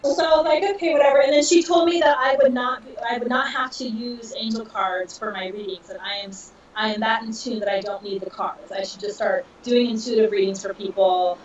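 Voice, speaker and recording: A woman's voice: on the high side, fairly quick, few pauses. Woman telling a story, distant and roomy. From Southern California. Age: 30s. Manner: emotional, animated retelling with laughs. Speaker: podcast guest. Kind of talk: casual storytelling. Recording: dull, distant, roomy audio.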